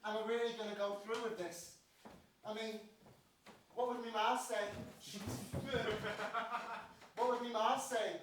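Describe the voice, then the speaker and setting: A man's voice: high voice, fairly even intonation, measured pace, pauses often, noisy background. A man playing a hapless, down-on-his-luck man in a live stage sketch, fretful and melodramatic. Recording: echoey theatre from far off.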